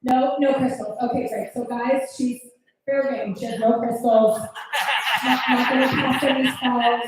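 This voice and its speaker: A stand-up comedian, a high-pitched woman in her thirties, works a comedy club crowd with brash, profane, rapid asides in fairly even intonation. Her voice echoes heavily around the room and sounds distant from the mic, with faint noise and loud music behind her.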